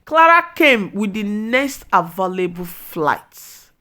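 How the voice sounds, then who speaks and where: Nigerian lady recapping a movie for her viewers, chatty and excitable, keeps going oh god, mid pitch. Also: measured pace. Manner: excitable, exclaims often, mixes in pidgin. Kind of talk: casual storytelling recap.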